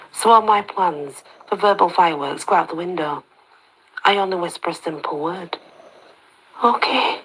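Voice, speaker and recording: A woman narrating a story in the first person, soft-spoken and slipping into whispers. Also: low voice, husky, rough recording.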